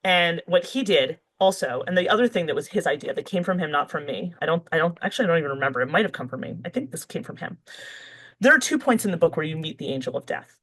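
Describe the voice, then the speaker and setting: A woman's voice: lowish voice, expressive, fast talker, fairly bright tone, low-quality recording. A woman author speaking as a podcast guest, talking in a loose, conversational way full of fillers and restarts. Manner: thinks aloud with fillers and restarts. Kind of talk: conversational interview.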